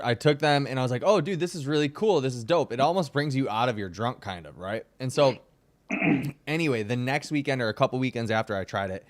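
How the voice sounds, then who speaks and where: A young man hosting a podcast, talking in a laid-back, slangy way and laughing often. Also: medium pitch. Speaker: podcast host. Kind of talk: casual chat.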